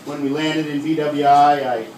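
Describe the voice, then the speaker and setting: An older man, a retired comedian, telling a stand-up story with deadpan comic pauses in front of a live audience. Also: fairly high pitch. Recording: echoey room from far off, faint noise.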